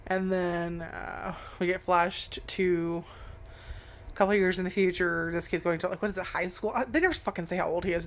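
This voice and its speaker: A woman reviewing an anime at home in front of a webcam, rambling and swearing with lots of fillers. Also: medium pitch. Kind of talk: casual video review. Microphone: webcam zoomed in on face.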